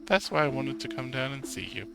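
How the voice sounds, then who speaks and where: A man's voice: mid-range voice, expressive, fairly quick, vocal fry, over loud music. A man reading a cheerful, kind big brother. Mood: warm. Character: kind, cheerful older brother, a young student.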